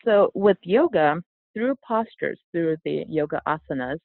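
A woman guest, a yoga teacher and author, explains her ideas calmly and earnestly at a middle pitch. Her voice comes through a thin, tinny, phone-like line that sounds dry and close. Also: measured pace, vocal fry, no room sound. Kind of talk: casual interview.

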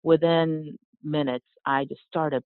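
A woman, a yoga teacher and author, explaining her ideas in a calm, earnest way as an interview guest. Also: sits low, slow, smooth, dry recording. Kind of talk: casual interview. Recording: tinny phone-like line.

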